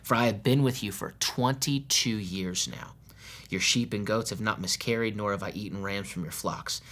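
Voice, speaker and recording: A man's voice: fairly low pitch, moderate pace, fairly bright tone. A male pastor preaching a sermon, reading scripture aloud and explaining it in a casual, conversational way with modern slang. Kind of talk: sermon with Bible reading and commentary.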